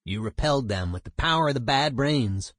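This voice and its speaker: A man's voice: mid-range voice, animated, fairly quick, a bit bright, no echo, clean studio sound. A man voicing a male music journalist who asks short, probing questions.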